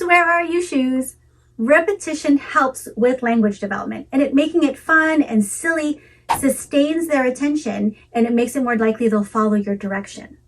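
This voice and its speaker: A woman giving a calm, measured talk with practical tips for parents, in a melodic teaching delivery. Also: on the high side, recorded from a distance, slight background noise, low-quality recording. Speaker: parenting educator. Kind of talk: scripted instructional talk.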